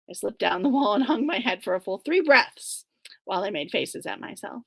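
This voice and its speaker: A woman guest author giving an animated, expressive reading from her own novel, with some whispered asides, over a video call. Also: mid-range voice, moderate pace, vocal fry, breathy edge, no echo.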